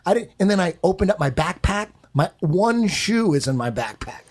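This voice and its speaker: A man's voice: high-pitched, sing-song, normal speed, darkish tone. A man telling a long story on a podcast in a casual, rambling way, swearing often and repeating himself. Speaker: podcast guest.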